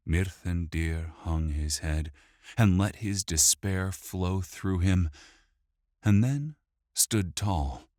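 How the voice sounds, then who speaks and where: Deep, slow male audiobook narrator. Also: dry recording, clean studio sound. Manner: steady, measured storytelling. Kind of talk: scripted fantasy narration.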